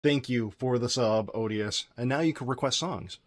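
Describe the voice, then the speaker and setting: A man streaming his game development live, thinking aloud as he works and chatting with his viewers in a relaxed, friendly way. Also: mid-range voice, moderate pace. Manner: thinks aloud while coding, mutters to himself; friendly, thanks chat viewers directly. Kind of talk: casual live-stream chat.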